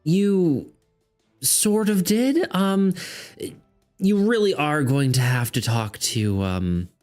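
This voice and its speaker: A man voicing a gentle, motherly female demon healer who speaks softly and soothingly. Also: a little high, lively intonation, takes it slowly, faint music behind, pitched above the performer's own voice. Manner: soft, soothing, calls listener sweetie.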